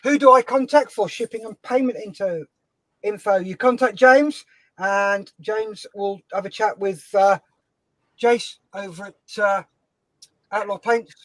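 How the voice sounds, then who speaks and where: A man hosting a live-stream charity auction, brisk and upbeat, reading out chat comments and calling the time left. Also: sits high, fairly bright tone, dry recording, low-quality recording. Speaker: host and auctioneer.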